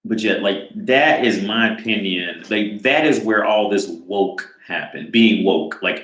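Rambling man, low voice, roomy. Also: measured pace, few pauses, fairly bright tone. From United States. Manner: rambling, many restarts, swears freely. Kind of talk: casual opinion monologue. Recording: roomy echo.

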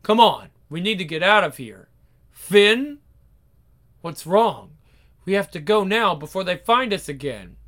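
A man's voice: high-pitched, expressive, a little slow, fairly bright tone. A man voicing a determined young heroine who pleads with and confronts her brother in a story. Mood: urgent. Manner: urgent, pleading.

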